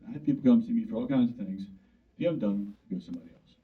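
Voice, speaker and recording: A man's voice: medium pitch, racing. An older man, a urologist, giving a blunt, folksy informal talk to an audience and acting out quoted conversations. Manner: folksy, blunt, plain-spoken, acts out quoted dialogue. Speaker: urologist speaking to a club. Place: meeting room. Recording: distant mic over a tinny phone-like line.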